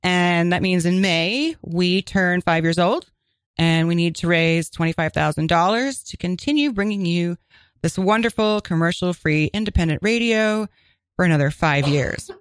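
Woman radio co-host, low voice, casual chatty delivery, dry studio sound. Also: no echo. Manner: chatty, quick asides, laughs often. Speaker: co-host of a community radio crime show. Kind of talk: casual chat and on-air announcements. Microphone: studio microphone.

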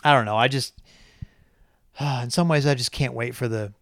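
A man's voice: medium pitch, moderate pace, no echo, studio quality. A man co-hosting a racing podcast, ranting in casual chat and exasperated as he mocks other people's views. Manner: animated, exasperated, mocks others in quoted voices. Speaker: podcast host.

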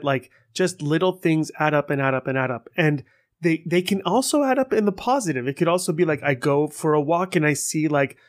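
A man hosting a casual solo podcast, rambling and swearing as he tells stories in an animated way. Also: on the high side. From Persian heritage. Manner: rambling, profane, animated storytelling. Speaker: podcast host.

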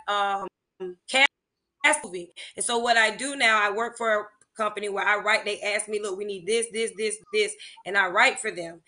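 Bright-voiced woman telling lively stories. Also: medium pitch. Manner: animated storytelling with laughter. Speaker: guest, music teacher and songwriter. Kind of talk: casual interview chat.

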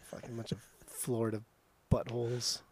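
A man co-hosting a casual chat, animated and profane, laughing often. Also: mid-range voice, normal speed, a little hiss or hum. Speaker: podcast co-host.

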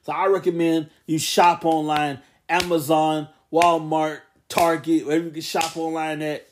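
Young man, late twenties, solo podcast host; loose, rambling delivery, voice sits a bit high. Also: level tone, moderate pace, a little hiss or hum. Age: 20s. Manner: rambling, loose, self-correcting. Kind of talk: casual solo wrestling podcast.

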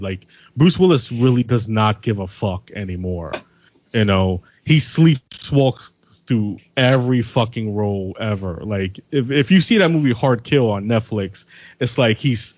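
A man's voice: medium pitch, lively intonation, moderate pace, no echo, lo-fi sound. A man on a podcast panel talking about films, rambling and profane, full of "you know"s. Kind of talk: casual film-discussion chat.

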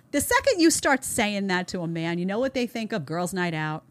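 A woman's voice: mid-range voice, very animated, moderate pace, fairly bright tone, no room sound. Emphatic woman host, dry close mic. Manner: emphatic, repeats words, rhetorical questions. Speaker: show host reacting to clips. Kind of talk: opinionated commentary.

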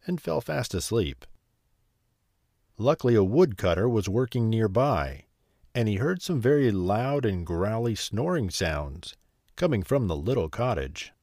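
A man reading a bedtime story aloud in a slow, soothing, expressive way. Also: fairly low pitch, dry recording, studio quality.

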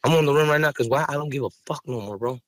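In an emotional interview, a male podcast guest with a high-ish voice talks rapid-fire, raw and angry, swearing and erupting into heated outbursts. The studio sound is dry and close, with no room sound.

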